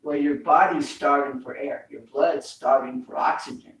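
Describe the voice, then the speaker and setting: A man's voice: a little high, fairly even intonation, moderate pace, a bit bright, slight background noise. A man teaching a home workout, coaching breathing with repeated cues. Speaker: fitness instructor. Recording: echoey room, mic far off.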